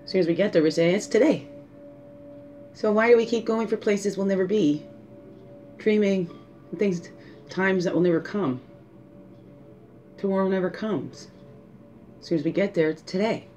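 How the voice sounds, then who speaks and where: A woman hosting a spiritual guidance talk, musing aloud and asking rhetorical questions, often tagging "right?" and a soft "hmm". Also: medium pitch, normal speed, pauses often, faint music behind. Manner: musing, asks rhetorical questions, adds 'right?' and 'hmm'. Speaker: spiritual guidance show host.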